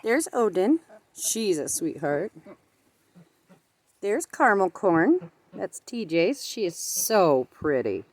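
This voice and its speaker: A woman of medium pitch speaks very animatedly but slowly, with long pauses, over slight background noise. Filming her flock in an outdoor farmyard with pens in the rain, this backyard poultry keeper chats sing-song and coos at her birds in a casual vlog.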